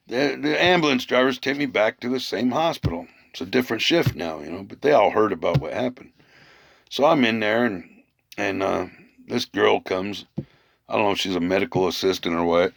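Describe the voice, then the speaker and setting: A man's voice: lowish voice, gravelly, no room sound. A middle-aged man telling a rambling personal story, full of fillers and repeated words. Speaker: vlogger. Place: living on the road, camp.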